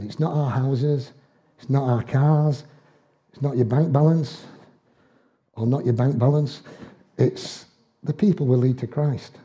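A man's voice: medium pitch, dark tone. An older man preaching a sermon, telling homely stories in dialect with chuckles along the way. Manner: folksy storytelling with dialect and chuckles.

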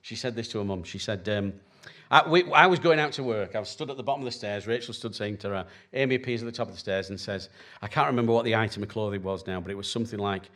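A man in his forties gives a conversational sermon as pastor, animated and constantly checking in with his listeners. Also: fairly low pitch, quick pace.

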